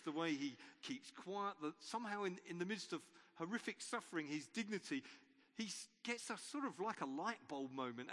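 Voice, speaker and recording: A man's voice: high voice, a bit bright. A man preacher giving an Easter sermon in an informal storytelling way, with wry asides. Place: church. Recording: long reverb of a church.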